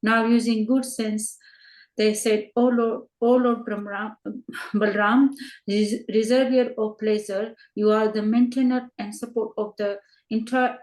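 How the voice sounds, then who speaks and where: A woman's voice: on the high side, fairly even intonation, unhurried, darkish tone. A woman reading scripture aloud for a class, carefully, sometimes stumbling and repeating words. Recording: echoey room.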